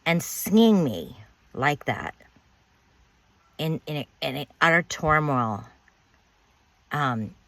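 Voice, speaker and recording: Woman with a low voice telling her own story, slow and bitter, keeps repeating herself and cursing. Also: expressive, no echo. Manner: bitter, emphatic, repeats words, swears. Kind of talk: personal storytelling monologue.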